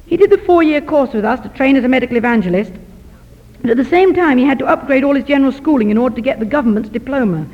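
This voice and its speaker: A woman missionary doctor telling a story in a sermon, lively and self-deprecating. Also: high-pitched. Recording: dull recording in a reverberant hall.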